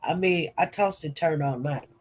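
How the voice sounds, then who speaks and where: A woman's voice: deep voice, normal speed, darkish tone. A woman with a cold, coughing now and then, giving chatty live commentary and talking straight to her viewers and chat. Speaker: livestream host. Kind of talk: casual commentary livestream.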